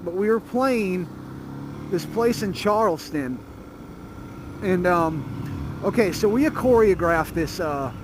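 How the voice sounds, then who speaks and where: A man's voice: high voice, animated, takes it slowly, pauses often. Foul-mouthed man telling stories while riding. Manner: profane, rambling, laughing storyteller. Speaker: motorcycle vlogger. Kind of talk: casual storytelling. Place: outdoors on a motorcycle in traffic. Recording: helmet mic with road noise. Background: road and engine noise.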